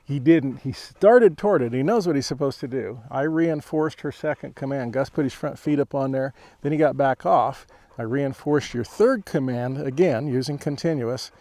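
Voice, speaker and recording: Gravelly man training a dog. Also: mid-range voice, moderate pace, hardly any pauses, no room sound. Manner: relaxed, chuckling, commanding the dog in short calls. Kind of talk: outdoor training demonstration.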